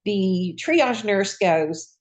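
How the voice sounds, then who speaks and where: A woman, a retired nurse, telling her own patient story in a lively, folksy conversational way. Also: medium pitch, extremely slow. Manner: lively, acts out voices in quoted dialogue. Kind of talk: personal storytelling.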